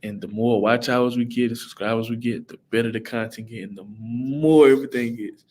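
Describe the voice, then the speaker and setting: A young man, casually chatting on his livestream and answering viewers by name. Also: medium pitch. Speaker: livestream host, college football player. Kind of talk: casual livestream chat reading viewer comments.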